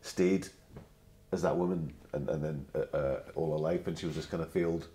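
Deep-voiced man with a soft Glasgow accent. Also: fairly even intonation, normal speed. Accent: gentle Glasgow, slightly anglicised. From Glasgow, Scotland. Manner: chatty anecdotal storyteller. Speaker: guest. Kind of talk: casual interview chat.

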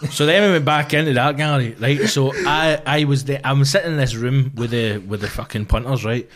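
A man in his thirties with a Glaswegian accent, a comedian swearing his way through an animated anecdote in casual podcast chat. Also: mid-range voice, a little fast, a little hiss or hum. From Scotland. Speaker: stand-up comedian guest.

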